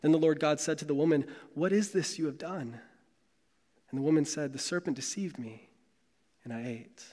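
A male pastor with a slightly high, mellow voice gives a sermon in a measured, dramatic style, leaning into long pauses. The hall around him leaves a lingering reverb on his voice.

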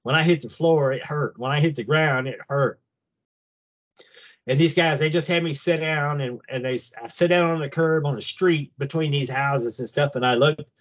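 A man over fifty telling a long personal story in a casual, halting way, full of restarts. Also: fairly high pitch. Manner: halting, rambling, with many restarts. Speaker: guest recounting an abduction experience.

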